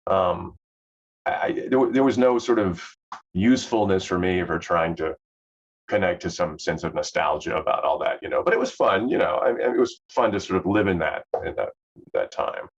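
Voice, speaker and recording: A middle-aged man talks in a very deep voice with a faint Southern US accent. He rambles easily through his answers, full of fillers and restarts. The recording sounds somewhat dull and lo-fi. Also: animated, moderate pace, husky. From Southern US, Memphis. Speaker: actor guest. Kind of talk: casual interview chat.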